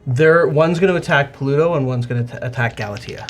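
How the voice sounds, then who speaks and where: A man narrating as game master of a tabletop game, animated and hesitant with many fillers. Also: mid-range voice, fairly quick, slight background noise.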